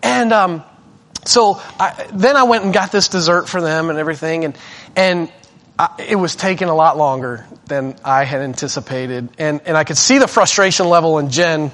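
Man, preacher, high pitched, animated, self-deprecating, sermon storytelling. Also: normal speed.

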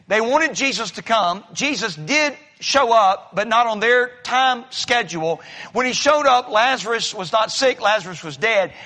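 A man's voice: extremely high pitch, animated, measured pace, bright, forceful tone. A man preaching a sermon as pastor, telling folksy stories and acting out the voices of the people in them. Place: church sanctuary. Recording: long reverb of a large hall.

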